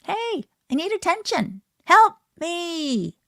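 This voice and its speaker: A woman voicing a needy, crying infant who pleads for help in high, pleading cries. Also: big pitch swings, slow pace, sharp tone, dry recording, clean studio sound, heavily acted.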